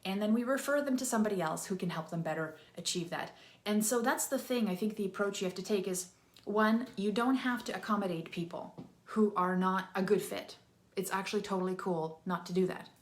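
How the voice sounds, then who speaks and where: A woman hosting her own channel, giving casual advice straight to camera in a chatty, animated way and acting out the voices of people she quotes. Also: medium pitch, a little fast, roomy sound. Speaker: channel host.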